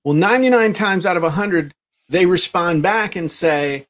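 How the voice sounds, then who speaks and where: Animated man, slightly high voice. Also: normal speed. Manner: animated, acts out quoted people; frequent restarts and repeated words. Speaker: podcast co-host. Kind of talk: casual business chat.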